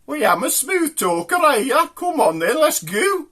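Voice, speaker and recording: A man's voice: very high voice, very animated, moderate pace, bright, forceful tone, slight background noise, pitched above the performer's own voice, full character voice. A man voicing a brash woman. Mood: eager. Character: brash Black Country woman, easily won over.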